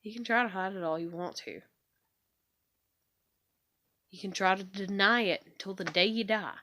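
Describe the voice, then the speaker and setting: A woman's voice: medium pitch, moderate pace, pushed and bright, a little hiss or hum. A young woman vlogging into her phone, venting in a frustrated, swearing, repetitive rant about home life.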